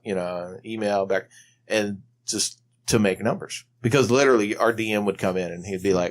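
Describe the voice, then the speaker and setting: A man's voice: lowish voice, expressive, brisk. A man co-hosting a podcast in casual chat, recounting his old job in a matter-of-fact way. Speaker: podcast co-host.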